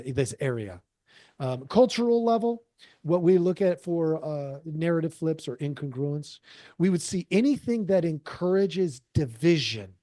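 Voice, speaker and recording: A man's voice: on the high side, a little mellow, dry recording. A man hosting a solo podcast, explaining his points emphatically and addressing listeners as folks. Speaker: podcast host.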